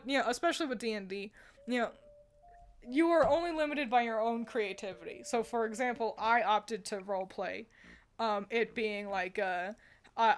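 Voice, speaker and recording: A woman's voice: on the high side, a bit bright. Giggly, rambling woman streamer. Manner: rambling and giggly, laughs often between thoughts. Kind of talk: casual livestream chat answering viewers.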